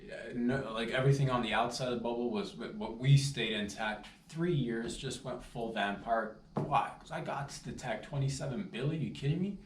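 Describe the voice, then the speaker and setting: A man doing a brash, rambling comedic sales pitch, breaking into loud outbursts. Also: moderate pace, hardly any pauses, echoey room, distant mic, a little hiss or hum.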